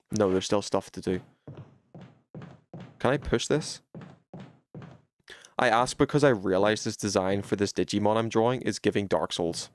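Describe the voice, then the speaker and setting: A British man livestreams a game and talks it through in loose, chatty commentary. His voice sits on the lower side, and he swears freely. He breaks into sudden excited outbursts. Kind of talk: casual gameplay livestream commentary.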